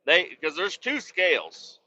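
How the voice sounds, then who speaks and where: Profane rambling trucker man, sharp voice. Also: high-pitched, huge pitch swings, unhurried, slight background noise. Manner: profane, self-mocking storytelling. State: slightly wheezy. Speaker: truck driver and podcast host. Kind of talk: casual rambling monologue. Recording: slightly dull lo-fi sound.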